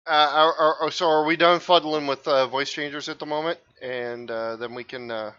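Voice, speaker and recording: A man's voice: a little high, steady tone, moderate pace, bright, forceful tone, muffled recording. A man in charge as game master, chatting casually and rambling with restarts during an online session.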